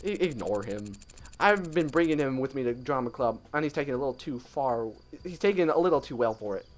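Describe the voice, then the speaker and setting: A man playing an easygoing, friendly young male student in a game let's play, upbeat and lively. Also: mid-range voice, a little fast, close to an everyday voice.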